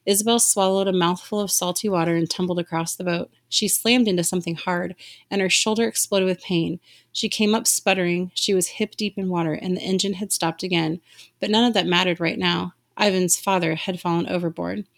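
A woman reads a novel aloud in a lowish voice with a gravelly, fry-tinged edge. She reads with drama, pushing her voice up whenever a character shouts. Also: fairly even intonation, brisk. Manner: dramatic reading, raising pitch for shouted lines. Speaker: reader.

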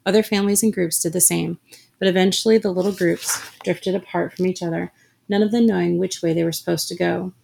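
A woman reading a story aloud in a steady, measured narration. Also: lowish voice, vocal fry. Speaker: audiobook narrator.

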